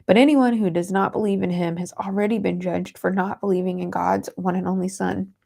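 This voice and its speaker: A woman's voice: mid-range voice, steady tone, brisk, gravelly, dark tone. A woman hosting a devotional livestream, reading Bible verses aloud and chatting in an earnest, emotional way while fighting back tears. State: tearful. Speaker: host of a Christian livestream.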